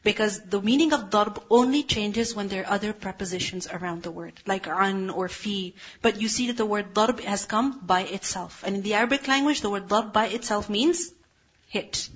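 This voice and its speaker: A woman's voice: mid-range voice, normal speed, breathy edge. A woman teaching a religious lesson, explaining step by step and asking rhetorical questions. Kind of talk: explanatory lecture. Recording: dull lo-fi recording.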